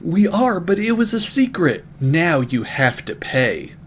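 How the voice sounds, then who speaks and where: A man's voice: fairly high pitch, sing-song, a little slow, a little hiss or hum, voice pushed up. A man doing a furious jealous echidna teen. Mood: angry yelling. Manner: shouty, raised voice. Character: angry jealous male echidna teen, yelling.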